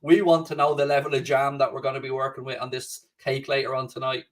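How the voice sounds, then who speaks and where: A man talks fast in a level, medium-pitched voice while hosting a casual home-studio stream. He chats loosely, swears without restraint, and reads viewer comments, sounding far from the mic.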